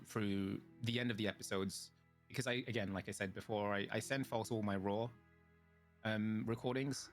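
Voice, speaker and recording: Hesitant British man, lowish voice. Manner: thoughtful, hesitant, many ums. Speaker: podcast guest and co-host. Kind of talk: casual interview chat.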